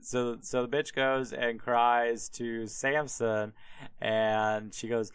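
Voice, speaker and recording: A man with a smooth, resonant voice at a middle pitch retells an old story as loose, irreverent podcast chat. He swears freely and pads his talk with fillers. The sound is dry and close. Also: flat delivery, unhurried, no echo. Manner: irreverent, profane, heavy on fillers. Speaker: podcast host. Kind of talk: casual comedic retelling of a Bible story.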